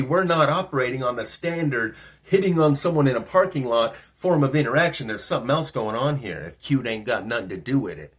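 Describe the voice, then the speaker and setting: A man's voice: mid-range voice, fairly bright tone. A man telling a personal story in a rambling, musing monologue, often asking himself questions. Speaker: vlogger.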